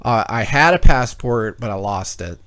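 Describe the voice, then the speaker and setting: A man co-hosting a call-in talk show tells a long, rambling story in casual chat, swearing and acting out both sides of conversations. His mid-range voice is expressive and fairly bright, at a moderate pace.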